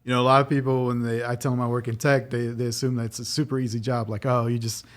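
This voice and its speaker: A man's voice: mid-range voice, flat delivery, fast talker. Laid-back male podcast host. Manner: laid-back, frequent short agreements. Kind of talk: casual interview.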